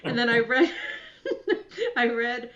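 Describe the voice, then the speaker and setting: A woman's voice: fairly high pitch, expressive, slow, fairly bright tone, a little hiss or hum. A woman hosting a radio show, interviewing a guest in an effusive, emotional way and laughing while she talks. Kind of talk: interview, casual chat. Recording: roomy, slightly dull sound.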